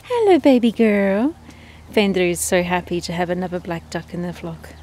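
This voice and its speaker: A woman from Australia narrates as she films her ducks outdoors in a backyard, casual and affectionate in what she says. Her voice is on the low side, a bit mellow and fairly quick, with a completely flat delivery; faint outdoor sounds sit in the background.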